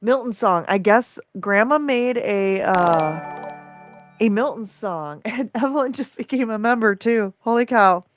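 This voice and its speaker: A tired woman hosting a livestream, reading out viewer comments in an excitable, emotional rush. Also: a little high, a little slow, faint music behind. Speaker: livestream host and coach. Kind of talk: live-stream chat reading viewer comments.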